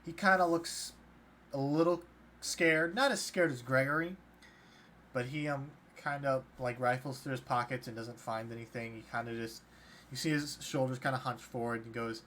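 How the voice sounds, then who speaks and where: A man's voice: medium pitch, fairly even intonation, normal speed, a bit bright, slight background noise. A man narrating as game master of a tabletop game, in a casual way full of fillers. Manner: casual, many fillers like "kinda".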